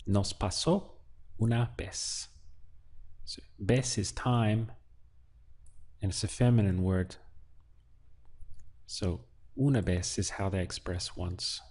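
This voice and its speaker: A male teacher walks through a language lesson, slow and patient, pausing to quiz the listener. His voice sits low with a gravelly, husky edge. He speaks close to the mic. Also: fairly even intonation, a little mellow. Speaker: Spanish teacher.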